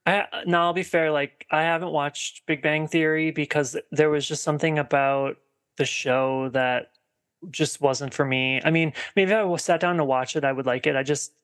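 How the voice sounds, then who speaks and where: Male podcast co-host, higher register, chatty and rambling, lots of "like" and restarts. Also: steady tone, normal speed, a bit bright, clear, resonant tone. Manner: rambling, heavy on filler "like" and restarts. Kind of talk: casual film discussion.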